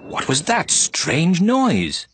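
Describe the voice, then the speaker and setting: A woman narrating a children's cartoon in a gentle, amused storybook style. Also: lowish voice, wildly swooping pitch, very slow. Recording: music behind the voice.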